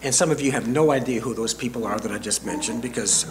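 An older man preaching a sermon as a pastor, slow and deliberate with dramatic pauses, speaking in a church sanctuary. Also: medium pitch, a little hiss or hum. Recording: reverberant hall.

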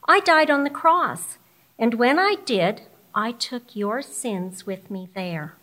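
A woman voicing Jesus as a loving man, speaking slowly in a tender, reassuring way. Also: on the high side, sharp tone.

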